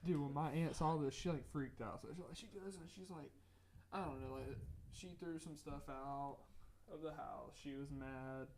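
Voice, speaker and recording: A young man from North Carolina, co-hosting a podcast and telling a rambling, animated ghost story with lots of restarts. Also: fairly high pitch, normal speed, a crowd in the background. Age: young adult. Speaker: podcast co-host. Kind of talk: casual chat, storytelling.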